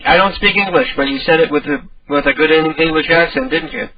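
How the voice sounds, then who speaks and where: A man's voice: a little high, big pitch swings, fast talker, gravelly. A man hosting a prank call show, rambling and joking while a little tipsy, with a tinny, distant sound. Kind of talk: casual radio-style banter.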